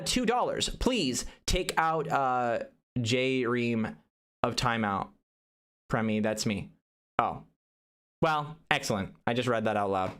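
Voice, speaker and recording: A man chatting casually on a live gaming stream, animated, rambling and self-deprecating. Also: medium pitch.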